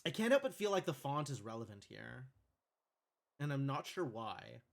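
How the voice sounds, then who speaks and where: A man's voice: medium pitch, sing-song, normal speed, vocal fry. A man streaming a puzzle game live, thinking aloud as he plays.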